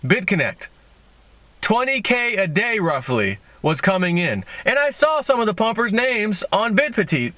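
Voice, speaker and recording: A man's voice: high voice, big pitch swings, a little slow, bright, forceful tone, no echo, muffled recording. A man hosting a casual crypto video, talking in a sarcastic, mocking, rambling way. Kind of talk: casual opinion monologue.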